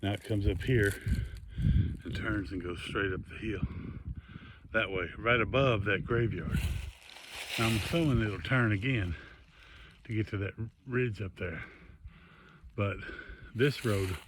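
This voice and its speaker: A man's voice: lowish voice, a little slow, long pauses. A man, filming outdoors on a phone as he climbs a hill, rambling in a folksy way about the landmarks below and a bit out of breath. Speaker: hiker filming his walk. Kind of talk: casual handheld vlog narration. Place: outdoors on a hillside. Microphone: phone held by the speaker. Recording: outdoor phone recording with noise.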